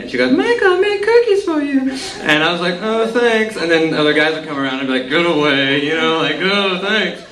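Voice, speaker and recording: A man's voice: medium pitch, a bit bright. Man in his twenties telling a wry story on stage. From Texas, USA. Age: 20s. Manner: wry, self-mocking comic delivery. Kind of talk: live comic storytelling on stage. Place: stage at a live storytelling event. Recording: echoey room, distant mic, faint hiss.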